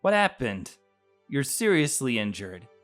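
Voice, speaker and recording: A man's voice: lowish voice, expressive, moderate pace, faint music behind, lightly acted. A man reading a visual novel aloud, voicing an anxious, protective male companion. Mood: alarmed.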